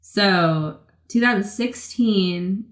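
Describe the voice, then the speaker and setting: A woman in her twenties from the Boston area, telling stories in a casual interview, talking fast and loose with lots of "like" and acted-out quotes. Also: mid-range voice, roomy sound. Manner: chatty, many "like" fillers, acts out quotes. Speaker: guest, pro skateboarder.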